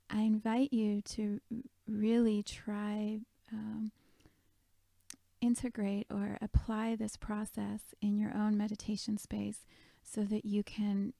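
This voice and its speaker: A woman leading a guided meditation, speaking softly and gently, often half-whispered. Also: medium pitch, vocal fry, no echo.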